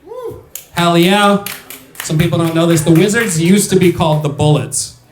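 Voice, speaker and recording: A man's voice: high-pitched, normal speed, reverberant, slight background noise. A young man doing a stand-up set, chatting loosely with the crowd and laughing through his punchlines. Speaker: stand-up comedian. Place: comedy club stage.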